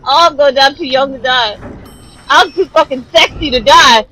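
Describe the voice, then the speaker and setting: A young woman streaming a horror game, cursing, yelling at the screen and laughing nervously as she plays. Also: high voice, normal speed, dry recording, low-quality recording. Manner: laughs nervously between jumps. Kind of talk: live gameplay commentary.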